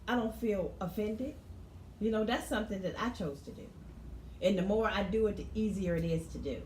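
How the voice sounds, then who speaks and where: A woman's voice: medium pitch, fairly quick, darkish tone. A woman co-hosting a casual podcast, telling stories, laughing often and repeating her words as she gets going. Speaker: co-host. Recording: roomy echo, faint background noise.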